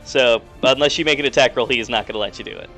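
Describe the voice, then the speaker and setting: A man's voice: mid-range voice, racing, a bit bright, faint music behind. A man narrating a tabletop role-playing session as game master, rambling with many fillers. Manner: rambling, filler-heavy, playful.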